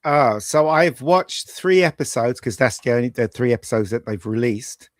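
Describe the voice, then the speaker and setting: A man co-hosting a casual pub chat, rambling through animated opinions. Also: mid-range voice, moderate pace, no echo, clean studio sound. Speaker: co-host.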